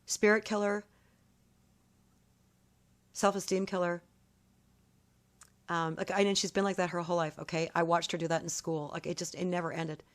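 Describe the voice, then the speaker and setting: A woman's voice: on the low side, level tone, moderate pace, long pauses. A woman in a casual vlog, telling a long story in an emphatic, accusatory way, often repeating her points. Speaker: vlogger.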